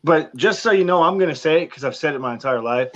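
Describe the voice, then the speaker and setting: A man's voice: on the high side, animated, fast talker, fairly bright tone. A man in casual chat, joking and teasing his co-host. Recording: dull lo-fi sound.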